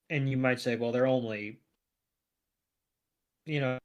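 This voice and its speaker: A man co-hosting a podcast, recapping a cartoon episode with easy jokes. He talks at an unhurried pace in a mid-pitched voice. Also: steady tone. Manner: unhurried, joking. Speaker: podcast co-host.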